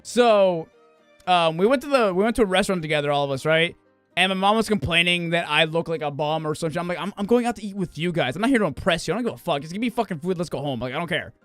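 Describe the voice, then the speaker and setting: A man's voice: a little high, expressive, fast, a bit bright, dry recording, faint music behind. A man streaming and chatting casually, telling rambling stories full of swearing and restarts. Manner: profane, rambling storyteller with frequent restarts. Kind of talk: casual chat.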